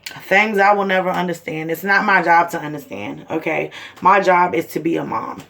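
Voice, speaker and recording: A woman's voice: fairly low pitch, fairly even intonation, normal speed, vocal fry, fairly bright tone. Angry woman ranting, swearing bluntly. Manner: heated, blunt, heavy swearing. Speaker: mother of seven. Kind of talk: angry personal video rant.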